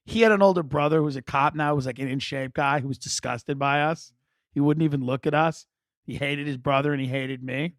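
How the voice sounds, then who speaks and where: A man hosting a podcast, telling comic stories in a rambling, wry, animated way. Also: fairly high pitch, fairly quick, dry recording, clean studio sound. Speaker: podcast host. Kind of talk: comic storytelling monologue.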